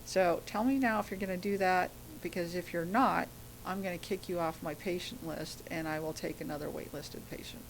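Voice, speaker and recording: A middle-aged woman tells a personal story in a lowish voice, slipping into the voices of the people she quotes. A faint rumble sits under the recording. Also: normal speed, vocal fry, rough recording. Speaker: guest.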